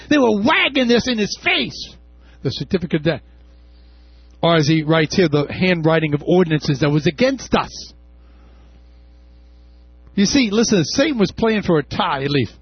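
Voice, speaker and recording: A man preaching a sermon, impassioned, with shouted peaks and casual asides. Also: sits high, expressive, normal speed, pauses often, husky, no room sound. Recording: dull lo-fi sound.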